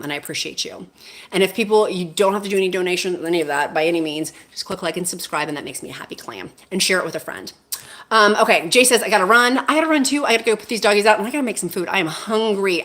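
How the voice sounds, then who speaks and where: A woman's voice: lowish voice, background noise. A woman hosting a casual livestream, gushing and effusive as she greets viewers and reads their comments aloud. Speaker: livestream host.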